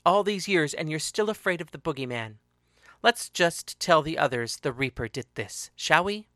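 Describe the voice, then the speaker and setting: Putting on the role of a ruthless young female fighter, a man reads in a low, controlled, quietly threatening voice that turns mocking. The bright, forceful delivery is expressive and moderately paced, captured in a dry, close recording.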